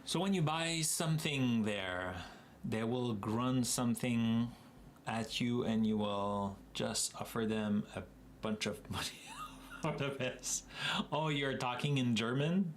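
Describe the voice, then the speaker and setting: Québécois male streamer, native French speaker, unhurried delivery, laughs often as he chats with his viewers. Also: mid-range voice, slight background noise. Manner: chatty, laughs often, answers chat. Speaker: livestream host. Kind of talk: casual livestream chat.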